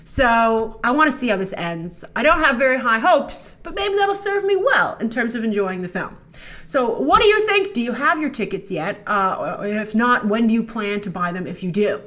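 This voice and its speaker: A woman's voice: on the high side, sing-song, moderate pace, fairly bright tone. A woman hosting a casual trailer breakdown, chatty and sarcastic, now and then mocking the characters in made-up voices. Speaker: host.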